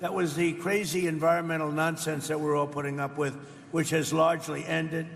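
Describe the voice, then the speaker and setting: High, gravelly older man addressing a crowd. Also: level tone, brisk, a bit bright, slight background noise. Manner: rambling, boastful, asks the crowd questions. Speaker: political speaker. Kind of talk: off-the-cuff campaign-style speech. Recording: reverberant hall with faint background ambience.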